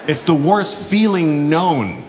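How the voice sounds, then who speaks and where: A man doing observational stand-up comedy with a lively delivery and quick bursts of speech. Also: a little high. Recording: reverberant live venue with background noise.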